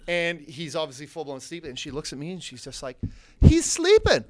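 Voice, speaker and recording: Profane, animated young man telling stories. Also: a little high, quick pace. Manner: profane, animated, laughing often. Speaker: podcast guest. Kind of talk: casual storytelling.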